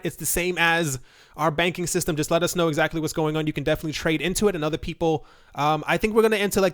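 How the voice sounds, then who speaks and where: A young man giving fast, rambling casual commentary on crypto news, full of fillers. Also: on the high side, dry recording, clean studio sound.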